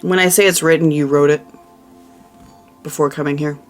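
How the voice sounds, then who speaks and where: A woman's voice: sits low, fairly even intonation, moderate pace, faint music behind. A woman giving a casual tarot reading, chatty and emphatic, who often repeats her phrases. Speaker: tarot reader.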